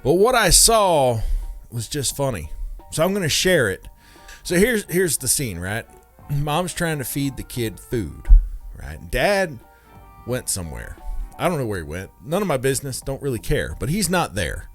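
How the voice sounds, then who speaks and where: A man's voice: mid-range voice, big pitch swings, normal speed, soft background music. A man telling a comic anecdote in a chatty way, with wry, mock-outraged asides and constant "right?" check-ins. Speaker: comedic storyteller. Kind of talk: casual comedic anecdote.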